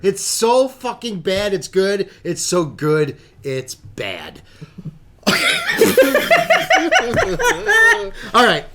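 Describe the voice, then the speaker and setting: A man's voice: sits high, takes it slowly, few pauses. A man co-hosting a podcast, telling funny stories in casual chat and laughing often. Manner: animated storyteller, laughs often. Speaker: podcast co-host.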